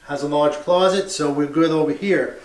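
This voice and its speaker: A man's voice: on the high side, fairly even intonation, moderate pace. A man who invests in real estate, giving a casual, plain-spoken walkthrough of a house he is renovating, thinking aloud as he goes. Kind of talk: walkthrough property tour. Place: empty house under renovation, indoors. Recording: echoey bare rooms.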